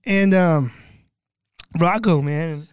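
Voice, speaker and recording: Man telling a lively family story. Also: fairly high pitch, drawn-out words, smooth, no echo, studio quality. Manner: animated, acts out quoted voices. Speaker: podcast guest. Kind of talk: casual storytelling.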